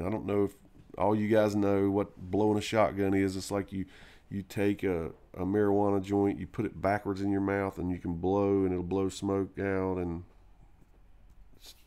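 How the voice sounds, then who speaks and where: A man's voice: low voice, steady tone, a little slow, warm tone, smooth. A man telling a long personal story in a loose, rambling way on a live stream, full of fillers and restarts. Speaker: live stream co-host or guest.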